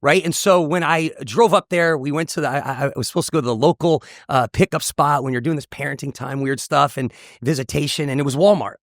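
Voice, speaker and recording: Fast-talking man with a gravelly voice. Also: on the high side, no echo, studio quality. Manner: intense, earnest storytelling with repetitions. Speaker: motivational speaker and coach. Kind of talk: emotional personal testimony.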